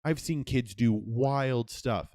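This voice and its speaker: A man's voice: medium pitch, takes it slowly, darkish tone, no echo. Profane storytelling young man, dry mic. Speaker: podcast co-host. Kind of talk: casual podcast chat.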